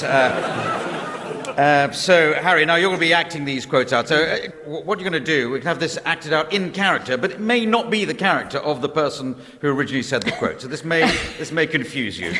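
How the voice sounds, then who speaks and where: A man's voice: medium pitch, sharp tone. A man hosting a comedy panel show, with a dry, wry manner. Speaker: quiz show host. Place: radio studio with live audience. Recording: studio with audience laughter, roomy.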